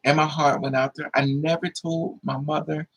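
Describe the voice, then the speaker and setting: A man's voice: fairly high pitch, flat delivery, moderate pace, a bit bright, poor audio. A man hosting a livestream tells a personal story to his viewers, casual, blunt and profane, with a lot of feeling in it. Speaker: livestream host.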